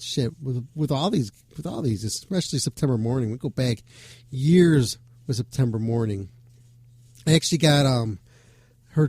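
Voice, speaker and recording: A man's voice: mid-range voice, mellow, no room sound. A man hosting a rock radio show, talking in a loose, joking way and swearing freely. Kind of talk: casual rambling chat.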